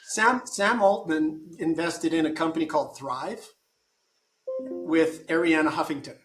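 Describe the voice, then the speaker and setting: A man speaks in a slightly higher-than-usual register while working through ideas out loud, breaking off and starting his sentences again. His voice carries a noticeable room echo. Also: unhurried, faint music behind. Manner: thinking aloud with frequent restarts. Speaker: guest. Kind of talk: casual conversation.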